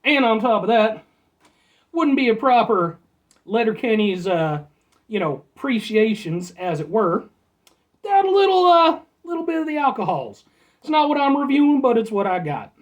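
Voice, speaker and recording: A man's voice: very high-pitched, big pitch swings, moderate pace, lo-fi sound. A man doing a comic impression of a rambling small-town man with an attempted rural Canadian accent. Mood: folksy. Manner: drawling, rambling, calls listeners folks.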